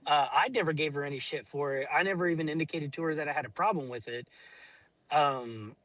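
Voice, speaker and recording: A man's voice: on the high side, brisk, a bit bright, no echo, low-quality recording. A middle-aged man telling a family story in casual chat, blunt and rambling, swearing often.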